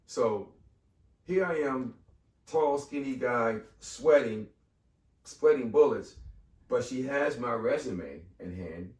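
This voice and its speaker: He speaks slowly with frequent pauses in a mid-range voice, a man in his fifties guesting on a podcast. In casual conversation he tells a personal story animatedly, voicing its characters. An echoey room and a far-off mic are audible.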